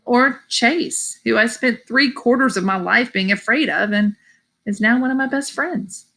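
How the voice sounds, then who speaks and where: A woman's voice: mid-range voice, fairly bright tone. Woman reading a novel aloud. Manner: chatty asides, explains phrases to listeners. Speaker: audiobook reader.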